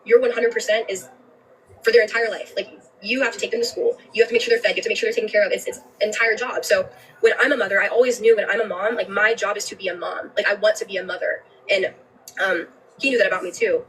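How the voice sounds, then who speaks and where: A young woman giving a personal account on a livestream, earnest, with frequent halting restarts. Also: medium pitch, steady tone, a bit bright, recorded from a distance, a little hiss or hum, rough recording. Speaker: livestreamer telling her story.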